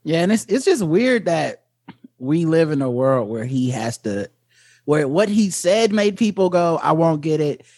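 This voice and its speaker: A man co-hosting a podcast in casual chat, animated, laughing often and acting out quotes in voices. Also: on the high side, unhurried, no echo, clean studio sound. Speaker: podcast co-host.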